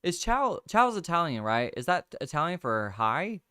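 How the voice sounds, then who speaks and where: A young man casually hosting a livestream, thinking out loud over crossword clues, reading viewer comments and laughing often. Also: on the high side, very animated, normal speed, smooth, dry recording, clean studio sound. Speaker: livestream host. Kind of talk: casual chat, solving a crossword with chat.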